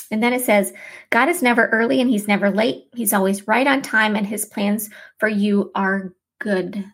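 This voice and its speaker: A woman's voice: on the high side, husky. A middle-aged woman hosting a podcast, chatting casually and upbeat with fillers. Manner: warm shout-outs, upbeat and chatty with fillers. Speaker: podcast host.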